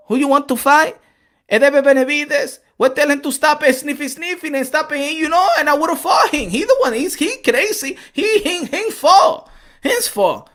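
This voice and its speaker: A brash male boxer speaking in halting, broken English and bragging about who he would have fought, as a man puts him on. The voice sits high and bright. He stumbles proudly over his words. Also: exaggerated voice.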